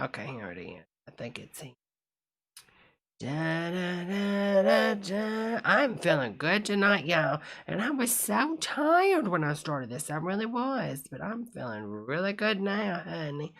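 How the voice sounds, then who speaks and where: Bright-voiced woman hosting a live stream. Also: low-pitched. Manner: chatty, calls everyone honey, greets viewers by name. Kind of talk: casual live-stream chat.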